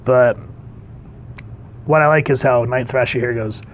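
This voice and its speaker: Man, comic reviewer, casual and animated, mid pitch, slips into character voices, faint hiss behind. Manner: animated, acts out comic dialogue in quick voices.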